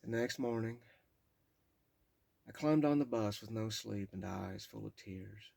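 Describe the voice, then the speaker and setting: A man's voice: lowish voice, measured pace, creaky, darkish tone, dry recording. A man reading his own memoir aloud in a candid, plain-spoken way, with casual asides. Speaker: memoir narrator.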